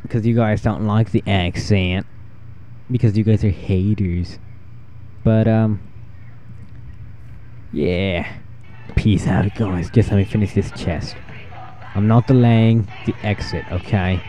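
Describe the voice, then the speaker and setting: A man's voice: lowish voice, mellow. A man hosting his gaming channel, giving rambling, jokey commentary with jumpy reactions while he plays. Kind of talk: casual gameplay commentary.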